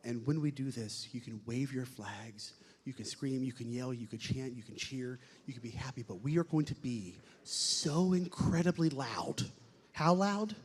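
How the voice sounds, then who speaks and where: A man emceeing a banquet, joking with the audience and shouting playful announcer calls. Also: medium pitch, normal speed, slightly rough. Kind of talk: hyping up a live audience. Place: large banquet hall. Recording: echoey hall.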